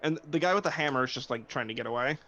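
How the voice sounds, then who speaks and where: A man's voice: mid-range voice, rapid-fire, bright, forceful tone, dull audio, a little hiss or hum. A man playing a tabletop game as a player, talking casually and laughing often. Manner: casual, laughs between lines.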